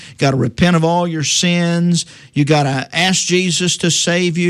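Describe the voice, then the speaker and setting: A man's voice: on the high side, no room sound. A middle-aged man explaining salvation in a conversational teaching style, often restarting sentences and quoting scripture in old-fashioned wording. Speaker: preacher.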